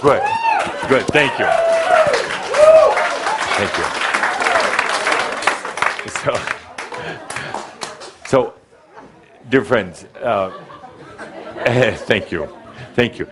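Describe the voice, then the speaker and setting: A man's voice: mid-range voice, lively intonation, drawn-out words, long pauses, a loud crowd, very noisy. A man leading a spiritual workshop before a live audience on a handheld mic, teasing and provoking a participant, often restarting his sentences. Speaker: spiritual teacher working with an audience. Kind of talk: interactive workshop talk. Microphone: handheld microphone.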